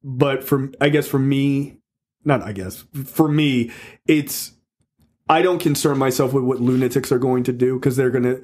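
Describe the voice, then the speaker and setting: A man's voice: mid-range voice, steady tone, moderate pace, a little mellow. Rambling man hosting a casual podcast. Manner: rambling, many fillers and restarts. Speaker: podcast host. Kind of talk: casual chat.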